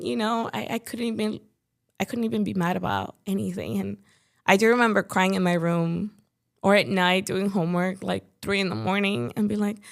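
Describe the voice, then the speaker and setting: A young woman from Chicago talks as a podcast guest, her voice set in a mid range with a steady run of vocal fry. She keeps it loose and conversational, filling her talk with "like" and "you know". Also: mid-range voice, fairly quick. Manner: talkative, leans heavily on "like" and "you know". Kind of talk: casual interview chat.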